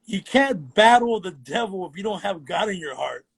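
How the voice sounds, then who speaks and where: A man guesting on a podcast tells an eerie story in an earnest way and slows down on the creepy parts. His voice is fairly high for a man, with a husky edge. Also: lively intonation. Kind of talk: casual chat, storytelling.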